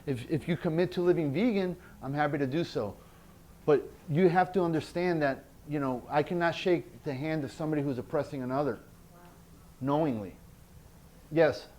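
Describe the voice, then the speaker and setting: A man's voice: a little high, moderate pace, darkish tone. A man teaching a workshop, blunt and emphatic, repeating his key points. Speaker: workshop instructor.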